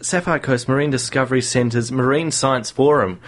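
A man's voice: mid-range voice, moderate pace. Aussie guy hosting a radio chat, lots of ums and laughs, easygoing. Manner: chatty, laughs often, many fillers. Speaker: radio show host.

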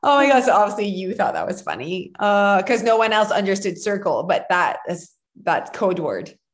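An animated woman tells stories in casual chat, acting out quotes and laughing often. Her voice is medium in pitch and normal in speed.

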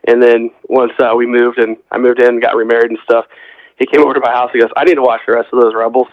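A casual male podcast co-host with a mid-range voice rambles through a story at a quick pace, keeping his tone level and acting out quotes as he chats. The mic sounds muffled, dull, dry and lo-fi.

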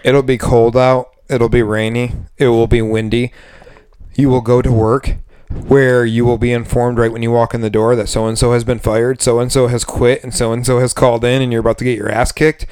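A man co-hosting a casual podcast, animated and swearing, who mimics customers in high voices. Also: moderate pace, clear, resonant tone. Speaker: podcast co-host. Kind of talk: casual chat.

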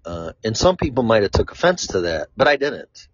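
A man from Chicago with a fairly low voice rambles through a casual monologue, blunt and quick to swear. The recording is dull and lo-fi, and the sound is dry with no room echo. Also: big pitch swings. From Chicago, USA. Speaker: vlogger.

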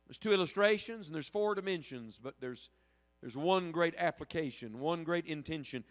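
A man preaching a sermon to his congregation in a church, moving from quiet storytelling to fervent calls. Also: fairly high pitch, lively intonation, moderate pace. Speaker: pastor. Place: church sanctuary.

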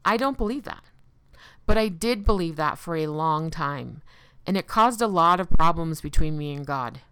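A woman talks in an earnest, measured way, working through her thoughts with rhetorical questions and now and then quoting a common saying with sarcasm. Her voice is smooth and resonant and sits a little low. The recording is dry and close. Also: lively intonation, a bit bright, no room sound. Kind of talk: reflective personal monologue.

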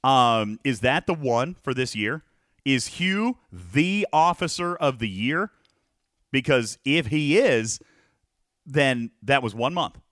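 A man's voice: medium pitch, lively intonation, slow pace, fairly bright tone, no room sound, studio quality. A man co-hosting a casual gaming podcast, reading viewer comments aloud and talking emphatically, often checking in with "okay?". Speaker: podcast co-host.

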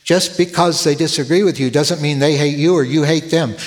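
A man's voice: a little high, steady tone, brisk, in a large hall. A man preaching a sermon as pastor, earnest, often repeating words as he starts a phrase.

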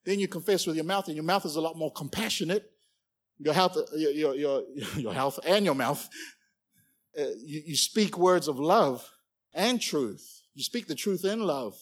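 A man preaching a sermon, animated and playful, acting out little characters as he goes. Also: fairly high pitch, normal speed. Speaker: pastor.

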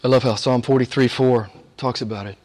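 A man preaching a sermon as pastor, conversational with chuckled asides, dropping to hushed whispers and rising to loud emphatic peaks. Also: mid-range voice, fairly even intonation, a little fast.

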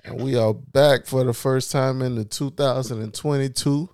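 A man hosting a podcast, opening the show and teasing his co-hosts in a relaxed, joking way. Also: mid-range voice, normal speed, smooth. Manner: relaxed, joking, leading the talk. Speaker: podcast host. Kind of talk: casual podcast chat.

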